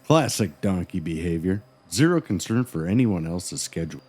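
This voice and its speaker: A man co-hosting a podcast cracks goofy jokes and wisecracks throughout the story, letting out loud joke yells. His deep, slightly rough voice is expressive and moves at normal speed. It's scripted podcast banter.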